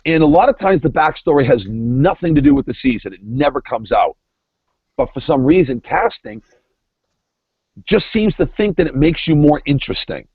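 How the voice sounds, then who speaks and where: A man's voice: fairly high pitch, lively intonation, moderate pace, breathy edge, no echo. A middle-aged man, a former reality show contestant, chatting as a podcast guest over the phone in an emphatic way, often repeating words. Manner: emphatic, repeats words while building points. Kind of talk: casual podcast chat. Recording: tinny dry phone line.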